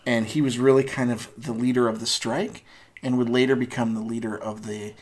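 A man's voice: medium pitch, little pitch movement, fairly quick, a little mellow. A man co-hosting a podcast, chatting casually and adding jokes and short asides. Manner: joking asides and short interjections. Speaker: podcast co-host. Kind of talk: casual chat.

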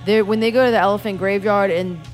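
A woman chatting casually about a movie, animated and swearing a lot as she acts out scenes. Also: medium pitch, quick pace, faint music behind. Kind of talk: casual chat, movie review.

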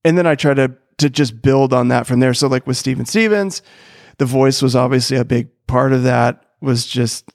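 A man's voice: mid-range voice, normal speed, a little mellow, dry recording, clean studio sound. A middle-aged comedian in casual conversation, rambling and restarting his sentences as he explains. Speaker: character comedian, podcast guest.

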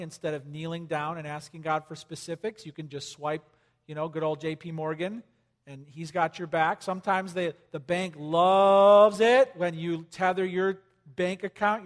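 A man preaching a sermon to a congregation, talking conversationally and animatedly, with sudden loud emphasis and quiet drops. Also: on the high side, steady tone, moderate pace. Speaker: pastor. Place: church hall with congregation. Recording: long hall reverb.

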